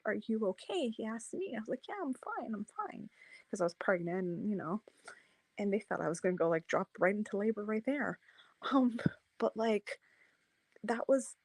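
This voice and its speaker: Animated woman telling a story. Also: medium pitch, normal speed, no room sound, poor audio. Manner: animated, acts out quoted voices. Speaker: debate participant. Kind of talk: casual storytelling in a debate.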